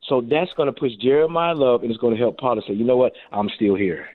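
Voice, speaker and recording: A man's voice: medium pitch, fast, dry recording. A middle-aged former football receiver and coach, calling in to a radio interview. He tells his stories with energy and acts out the things he said to people. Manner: animated storyteller, acts out his own quotes. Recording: tinny phone line.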